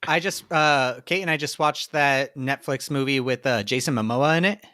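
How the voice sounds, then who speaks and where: A man co-hosting a podcast, chatting casually and pausing often to search for words. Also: medium pitch, bright, forceful tone, no room sound, clean studio sound. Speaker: podcast co-host. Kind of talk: casual chat.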